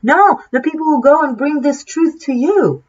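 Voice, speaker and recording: A woman's voice: high-pitched, expressive, normal speed. A woman tarot reader giving an impassioned, preachy monologue, swearing freely and restarting her sentences often. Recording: dull lo-fi sound.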